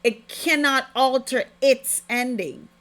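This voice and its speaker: Woman preaching her testimony real slow and fired up, leaning hard on the words. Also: high-pitched, a bit bright. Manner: impassioned, preachy, emphatic. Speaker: podcast host. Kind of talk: spiritual testimony.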